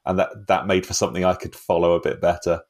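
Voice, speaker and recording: Brief: low-voiced male co-host, wry rambling film reviewer. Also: steady tone, quick pace. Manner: wry, rambling, laughs often. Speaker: podcast co-host. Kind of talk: casual film review chat.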